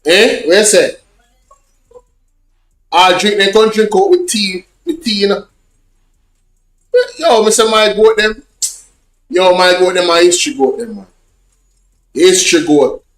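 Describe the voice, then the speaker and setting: A man's voice: sits high, animated, unhurried, pauses often, a bit bright, reverberant. A man with a Jamaican accent, casually telling rambling, repetitive stories in patois to his online viewers. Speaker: social media vlogger. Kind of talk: casual storytelling chat.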